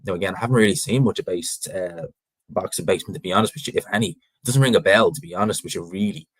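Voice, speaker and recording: A man's voice: sits low, fast, a bit bright, slightly rough, no room sound, rough recording. A man with a North Dublin Irish accent, hosting a boxing channel and chatting casually through viewer questions with frank opinions. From Ireland. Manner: frank and opinionated, rambling with restarts.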